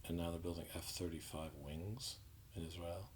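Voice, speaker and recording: A man delivering an indignant, sarcastic political commentary monologue, halting with frequent restarts. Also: low-pitched, fairly even intonation, a little hiss or hum, rough recording.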